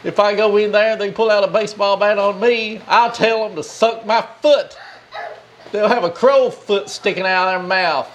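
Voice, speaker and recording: A man's voice: high voice, normal speed, a bit bright, a little hiss or hum, pitched above the performer's own voice, rough recording. A man voicing a boastful, foul-mouthed male crow puppet that brags and makes threats. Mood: defiant. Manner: brash, bragging, threatening.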